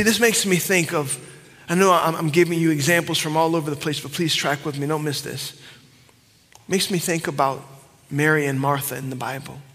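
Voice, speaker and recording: A man preaching in a church with a slightly high voice, pushing hard on emphatic lines and then dropping to near-whispers. His words ring out with a long hall reverb behind them. He works the room like a pastor. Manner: swings between loud emphatic cries and hushed whispers. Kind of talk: sermon. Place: church sanctuary.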